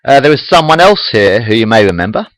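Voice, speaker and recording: A man's voice: mid-range voice, sing-song, fast, fairly bright tone, no room sound. A man voicing an older woman who is a starship admiral, speaking with fillers. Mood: friendly.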